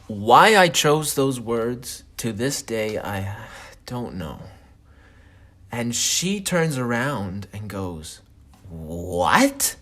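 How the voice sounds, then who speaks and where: A man spins a comic story at an unhurried pace. He swears freely and mocks himself. His pitch rises and falls a lot as he talks. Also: very animated, a bit bright. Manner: profane, drawn-out, self-mocking. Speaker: podcast host.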